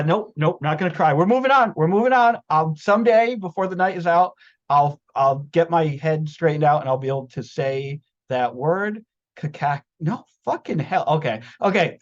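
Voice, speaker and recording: A man hosting a reading event, gushing excitedly and stumbling over his words, swearing freely. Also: a little high, highs cut off. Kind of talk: casual enthusiastic chat.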